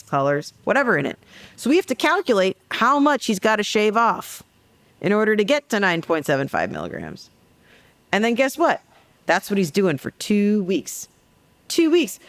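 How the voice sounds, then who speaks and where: A woman psychologist talking as a guest on a podcast interview, telling stories in a lively, joking way. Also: medium pitch. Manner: lively, jokey storytelling.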